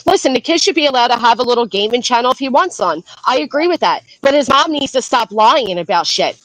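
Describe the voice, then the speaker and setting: A woman with a high voice delivers blunt, profane commentary. She scolds in long rants. Her voice is close and dry. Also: expressive, quick pace, a bit bright, dry recording, poor audio. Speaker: commentary host. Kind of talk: reaction commentary.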